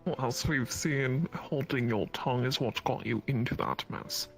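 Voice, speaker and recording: A man's voice: medium pitch, expressive, moderate pace, vocal fry, faint music behind. A man playing a dry, patronizing companion. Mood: dry teasing. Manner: dry, formal, patronizing teasing. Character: formal, needling male companion, dry and superior. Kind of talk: voice role-play in a virtual world.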